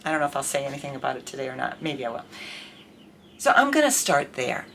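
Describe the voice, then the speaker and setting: A middle-aged woman chats to camera in a casual vlog, her voice sitting low in pitch. She talks candidly and with animated indignation. A faint hiss of noise runs under her voice. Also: fast talker, gravelly. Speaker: vlogger.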